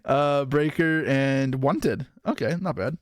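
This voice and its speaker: A man's voice: medium pitch, no echo, clean studio sound. A young man chatting casually on a live stream as he opens trading card packs and answers his chat. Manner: chatty, reacting to chat, quick asides.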